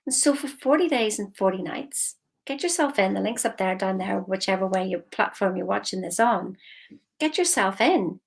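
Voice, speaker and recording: A woman mindset coach giving a lively, emphatic motivational talk straight to her viewers. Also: mid-range voice, normal speed, creaky. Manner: lively, emphatic, slips into quoted voices.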